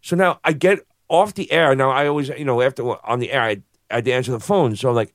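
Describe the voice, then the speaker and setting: A man's voice: mid-range voice, fast, hardly any pauses, dry recording, clean studio sound. A man telling a long story in casual chat, swearing freely and acting out the voices of the people in it.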